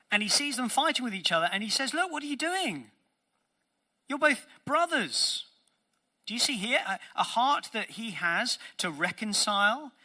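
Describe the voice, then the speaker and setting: A man delivers a sermon in a very bright, forceful voice pitched a little high. He preaches earnestly, with emphatic phrasing and frequent rhetorical questions to the congregation. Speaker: pastor.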